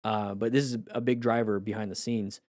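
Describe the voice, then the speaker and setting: A man who coaches motorcycle riding, his voice going hoarse, talks in a reflective, rambling way with viewers on a live stream, often restarting his sentences. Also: on the low side, flat delivery, a little fast, a little mellow, no echo, studio quality.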